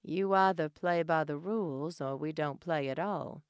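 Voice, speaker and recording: A woman's voice: deep voice, unhurried, clean tone, dry recording, studio quality. A woman voicing a playful, teasing man, an ex-lover who finds her annoyance amusing. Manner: teasing, amused.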